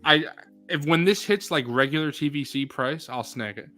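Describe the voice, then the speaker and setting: A man's voice: fairly high pitch, sharp tone, soft background music. A man joking and teasing his friends as a guest on a casual video-call livestream. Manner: teasing, joking, quick to banter.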